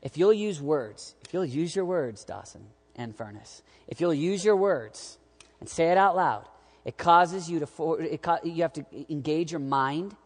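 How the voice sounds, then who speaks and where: A man preaching a sermon to young adults, animated and jokey, swinging from loud urging to quiet asides. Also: a little high, a little slow. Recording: long hall reverb.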